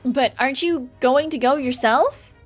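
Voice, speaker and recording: A woman's voice: high-pitched, measured pace, faint music behind. A woman voicing an earnest young male law student in a polite, hesitant way while reading a game aloud.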